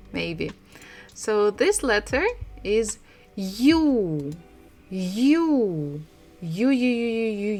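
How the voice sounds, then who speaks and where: A woman teaching a language lesson, repeating sounds slowly and laughing often. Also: mid-range voice. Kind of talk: slow, patient language lesson.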